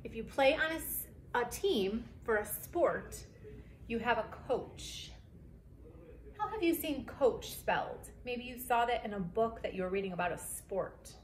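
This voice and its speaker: A woman teaching a phonics lesson to second graders, speaking slowly and clearly with lots of encouragement and spelling words out letter by letter. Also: fairly high pitch, animated. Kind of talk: remote phonics lesson for children. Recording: echoey room, faint background hiss.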